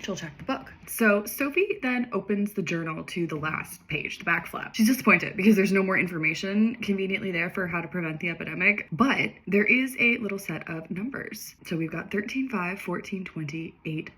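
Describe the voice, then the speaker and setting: Woman, comedic story reading, sarcastic asides, bright, very lively pitch. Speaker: reader and commentator. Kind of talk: comedic read-aloud of a story.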